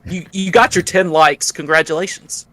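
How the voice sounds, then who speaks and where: A man's voice: a little high, fairly even intonation, moderate pace. A man with a Southern US accent, a podcast guest in casual chat, blunt and swearing freely, often repeating his first words.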